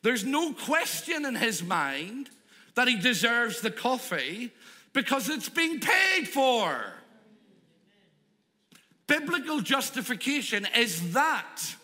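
A man's voice: very high voice, slow pace, big-room sound. A male preacher delivering a sermon in an emphatic way, acting out the stories he tells to make his point. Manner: animated, emphatic, plays out stories. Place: church.

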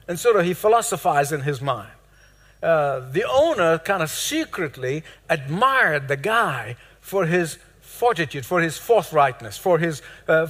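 An older man preaches a sermon and retells a parable in a storytelling style, acting out the characters' lines himself. His voice sits high for a man. It rings with the long reverb of a large hall. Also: a bit bright. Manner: storytelling sermon with laughs and acted-out quotes. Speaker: pastor.

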